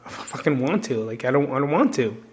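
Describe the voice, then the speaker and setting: A man's voice: medium pitch, expressive, brisk. Candid, swearing male podcast host. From New Jersey. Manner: candid, emotional and profane, talks straight to listeners. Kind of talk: casual solo podcast monologue.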